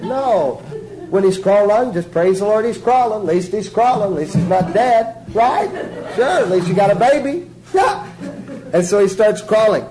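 High-voiced folksy man preaching. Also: lively intonation, moderate pace, warm tone, low-quality recording. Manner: folksy, jokey, asks the audience questions. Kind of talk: informal sermon teaching.

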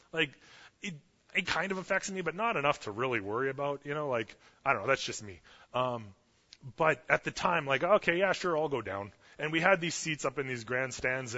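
A man in his thirties from Canada, preaching a sermon as pastor in an animated, casual storytelling way. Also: mid-range voice. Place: church sanctuary. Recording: dull lo-fi audio with long church reverb.

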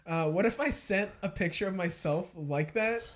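A man's voice: high-pitched, moderate pace. Rambling young man, casual podcast. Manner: rambling, lots of likes and restarts. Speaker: podcast co-host. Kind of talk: casual chat.

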